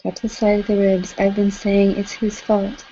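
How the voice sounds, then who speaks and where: A woman leading a live tapping session, gently coaching listeners through phrases for them to repeat. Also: medium pitch, level tone, moderate pace, a little hiss or hum. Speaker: EFT tapping facilitator. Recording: slightly dull lo-fi audio.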